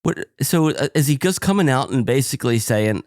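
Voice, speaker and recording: A man's voice: mid-range voice, very animated, a little fast, darkish tone, dry recording, clean studio sound. A man co-hosting a podcast in casual banter, joking, laughing often and adding theatrical asides. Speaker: podcast co-host.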